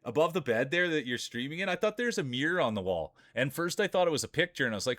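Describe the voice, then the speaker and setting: A man streaming live commentary on a marble race, with energetic, joking hype-man banter. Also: medium pitch, quick pace, hardly any pauses, no room sound.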